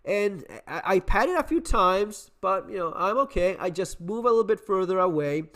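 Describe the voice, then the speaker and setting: A middle-aged man recounts a story in a relaxed, swearing monologue. His voice rides fairly high and swings widely in pitch as he stumbles through restarts and repeated words. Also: normal speed. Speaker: survival channel host.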